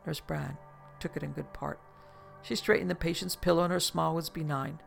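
Very gravelly, measured audiobook narrator. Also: medium pitch, fairly even intonation, faint music behind. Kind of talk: scripted narration of a novel.

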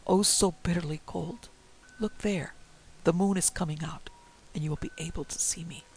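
A man voicing the wailing ghost of a dead wife, cold and pleading, in a breathy, mournful tone. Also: a little high, fairly even intonation, normal speed, rough recording.

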